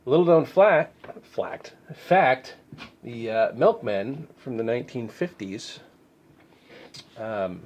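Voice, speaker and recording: A man recovering from a head cold, stuffed up and clearing his throat, giving sarcastic, rambling commentary on news stories. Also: medium pitch, lively intonation, slow, darkish tone, muffled recording. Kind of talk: casual deadpan news commentary.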